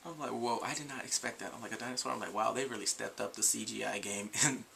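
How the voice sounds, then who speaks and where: Young man with a gravelly, bright voice. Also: medium pitch, steady tone, fast, slight background noise. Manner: rambling, goes off on tangents, often laughs; acts out scenes in quoted voices. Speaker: video reviewer. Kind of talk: casual TV episode review.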